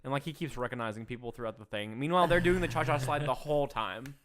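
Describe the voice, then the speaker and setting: A man co-hosting a podcast in casual chat, joking around and often trailing off into low mumbles. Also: fast, a bit bright. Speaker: podcast co-host.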